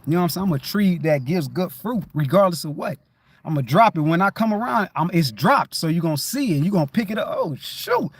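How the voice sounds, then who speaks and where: A middle-aged man with a notably high voice talks in a loose, rambling way on a livestream. He keeps checking in with "you know what I'm saying" and bursts into louder, higher greetings as he acts out the people he meets. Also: expressive, quick pace, husky, no echo. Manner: acts out his own greetings in a raised voice. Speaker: livestream host. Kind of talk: casual spoken monologue.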